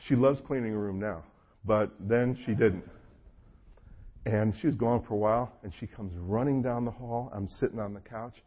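A man's voice: on the low side, normal speed, breathy edge. A man from North Carolina with a Southern US accent, preaching a sermon as a pastor in a conversational, joking storytelling way. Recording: dull lo-fi recording.

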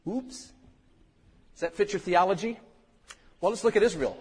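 A man preaching a sermon in a church, lively and conversational, acting out the voices in his stories. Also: sits high, normal speed, husky, big-room sound. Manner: animated storytelling preacher, acts out quotes. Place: church sanctuary.

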